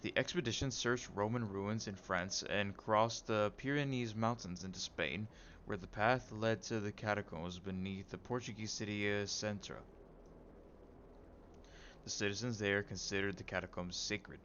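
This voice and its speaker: Man, game streamer, deep low voice, reading lore aloud, wry asides, stumbles on names, slightly muffled. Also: steady tone, moderate pace, fairly bright tone, a little hiss or hum.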